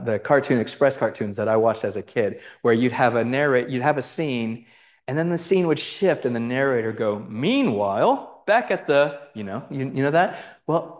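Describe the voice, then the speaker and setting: A man's voice: mid-range voice, a little mellow. A man giving a lecture on scripture, with conversational asides, who acts out the quoted voices. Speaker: Bible teacher.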